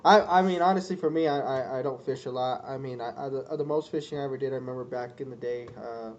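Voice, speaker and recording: A man's voice: medium pitch, fast. A man co-hosting a casual chat, talking hesitantly with lots of ums and likes. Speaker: podcast co-host. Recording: dull lo-fi sound with faint noise.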